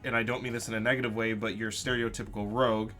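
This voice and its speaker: A man's voice: lowish voice, level tone, rapid-fire, bright, forceful tone, soft background music. A man hosting a casual chat about tabletop role-playing, explaining his ideas at length. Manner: explanatory, talks things through at length. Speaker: podcast host and dungeon master.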